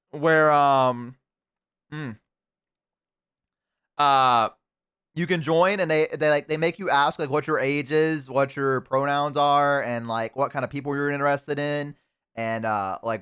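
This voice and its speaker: Male streamer, slightly high, smooth voice, rambling self-deprecating chat with many fillers, munching between lines. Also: fairly bright tone. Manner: eating while talking.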